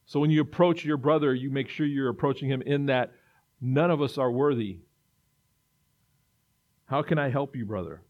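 A man preaching a sermon in an earnest way, building to emphatic repetition. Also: on the high side. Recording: dull lo-fi recording.

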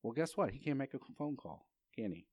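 A male preacher delivers a sermon as a relaxed personal story, with plenty of restarts along the way. He puts rhetorical questions to the congregation. His voice sits at an ordinary middle pitch and sounds dry and close. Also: fairly quick, no echo. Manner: conversational storytelling, frequent restarts.

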